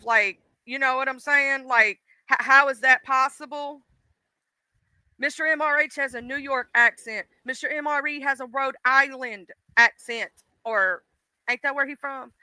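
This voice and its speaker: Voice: high voice, bright, forceful tone, smooth, dry recording. A livestream host ranting bluntly and profanely, speaking straight to the audience. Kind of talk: casual livestream rant.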